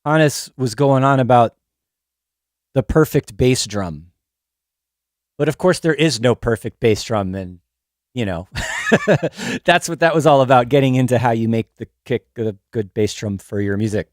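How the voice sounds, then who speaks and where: A man's voice: medium pitch, normal speed, no room sound. A man hosting a casual livestream from a music studio, greeting viewers and chatting loosely. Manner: chatty, reads out chat names. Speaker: livestream host. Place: music studio in New York. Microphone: headphones on, studio mic. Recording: music playing behind the voice. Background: electronic music.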